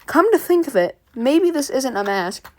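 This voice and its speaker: A woman voicing a calm, creepy male scarecrow villain from a comic, speaking softly with a mocking edge. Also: sits high, normal speed. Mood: sinister.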